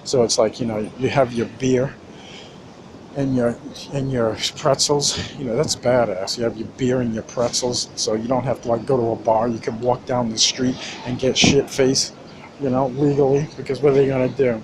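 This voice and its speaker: A man's voice: medium pitch, flat delivery, moderate pace, noisy background. A man ranting in a casual, rambling monologue, cursing often and restarting his sentences. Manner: rambling, profane, many restarts and fillers.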